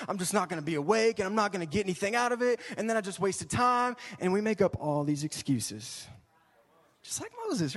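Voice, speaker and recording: A high-voiced young man preaching a relaxed, chatty sermon to his congregation. He talks like a youth pastor, with a lot of "y'all" and "right?", and his voice rings out with a long reverb from the hall around him. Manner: chatty, animated, says "y'all" and "right?" often. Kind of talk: casual sermon.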